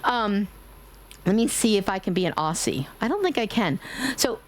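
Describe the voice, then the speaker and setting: A woman's voice: medium pitch, very animated, moderate pace. A woman streamer from Brooklyn with a faded New York accent, chatting casually during a game stream. She is playful and giggly and swears freely. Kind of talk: casual gaming livestream chat.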